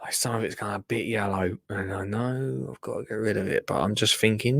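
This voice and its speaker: A man hosting a casual livestream, chatting and joking as he reacts to a gardening show. He often restarts his sentences and coos at his plants in a high, sing-song voice. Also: fairly even intonation, brisk, creaky, few pauses, a bit bright, no echo, clean studio sound. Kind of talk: casual chat.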